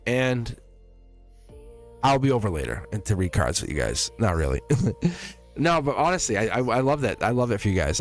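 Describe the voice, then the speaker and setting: A man's voice: on the low side, very animated, normal speed, pauses often, soft background music. A man giving a live-stream tarot reading, effusive and encouraging, who laughs often and repeats his phrases.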